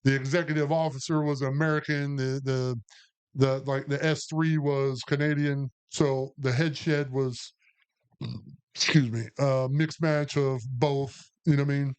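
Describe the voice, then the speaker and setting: A middle-aged veteran swaps stories on a podcast, drawling along at an unhurried crawl. He wanders through his anecdotes with plenty of ums and restarts, his voice sitting at an everyday pitch. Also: level tone, smooth. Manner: rambling, anecdotal, heavy with fillers. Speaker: podcast co-host and Army veteran. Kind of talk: casual storytelling chat.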